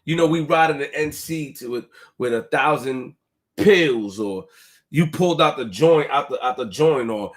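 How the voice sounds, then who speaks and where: A young man talking casually to his stream audience, full of street slang and repetition, swinging from quiet, low remarks to loud outbursts. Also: moderate pace. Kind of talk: casual live-stream rant.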